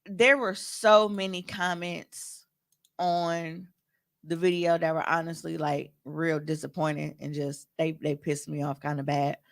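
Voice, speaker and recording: A woman's voice: low-pitched, level tone, measured pace, gravelly. A woman co-hosting a podcast in casual chat, talking bluntly and heatedly and swearing freely. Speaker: podcast co-host.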